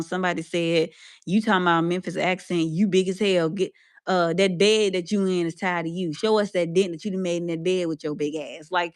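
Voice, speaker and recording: A woman's voice: fairly low pitch, no room sound, clean studio sound. A young woman from the Southern US with a Southern accent, co-hosting a podcast in casual, blunt, profane chat that often repeats itself. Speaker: podcast co-host.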